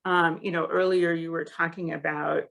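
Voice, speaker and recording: Gravelly low-voiced woman co-hosting a podcast. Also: flat delivery, normal speed, a bit bright. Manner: thoughtful, hesitant, many fillers. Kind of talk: casual podcast discussion.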